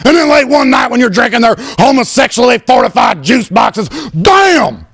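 A screaming radio host parody, super high and gravelly, hammy and crude, faint music behind. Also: male voice, big pitch swings, normal speed, exaggerated voice. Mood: ranting. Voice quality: gravelly, raspy shouting. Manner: bellowing, hammy, over-the-top. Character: ranting loudmouth male radio host parody, crude and boastful. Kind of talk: comedic sketch acting.

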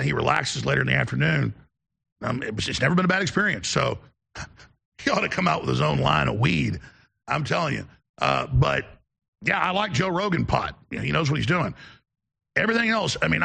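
A man's voice: fairly high pitch, creaky, pushed and bright, husky. A man hosting a show, telling long rambling anecdotes in a casual on-air manner. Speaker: show host.

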